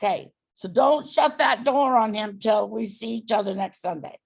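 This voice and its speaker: A woman dog trainer coaches a client, walking him patiently through each step. Her voice sits a little high with a gravelly edge. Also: lively intonation, moderate pace. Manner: patient, directive instructions.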